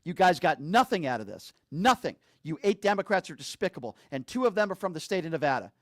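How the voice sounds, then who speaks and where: A man's voice: fairly high pitch, very animated, fast talker, no echo, clean studio sound. A man giving an angry political commentary, hammering his points with repeated rhetorical questions. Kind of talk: angry political rant to camera. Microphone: streaming mic.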